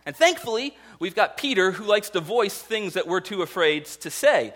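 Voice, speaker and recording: A man preaching a sermon in a lively storytelling manner, acting out the people in his stories. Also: high voice, normal speed, hardly any pauses. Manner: animated storytelling, acts out voices in quoted dialogue. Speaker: pastor.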